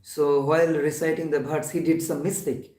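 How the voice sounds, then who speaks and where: A man delivers a devotional talk in a temple hall, pausing often and restarting his sentences. His voice sits a little high. The sound is roomy and picked up from some distance away. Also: little pitch movement, a little mellow. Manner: halting, many fillers and restarts. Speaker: temple lecturer. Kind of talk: devotional class.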